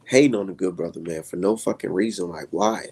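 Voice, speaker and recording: Gravelly, husky-voiced man ranting. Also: brisk, darkish tone. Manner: heated, profane, swinging pitch. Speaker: live-stream host. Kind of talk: profane live-stream rant.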